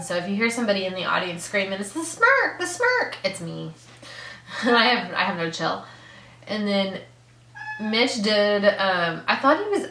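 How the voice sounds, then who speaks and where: A young woman vlogger telling an excited story in a casual, gushing way, full of "like" and laughs. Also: medium pitch. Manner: gushing fangirl, lots of "like" and laughs. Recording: echoey room.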